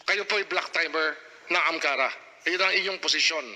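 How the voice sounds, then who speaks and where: A man with a Filipino accent chairs a legislative hearing, firing pointed questions at a witness in a high, piercing voice. His speech carries a long echo through the hall. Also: a little fast. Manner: pressing, sharp questioning, mixing Tagalog and English. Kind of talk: formal hearing interrogation.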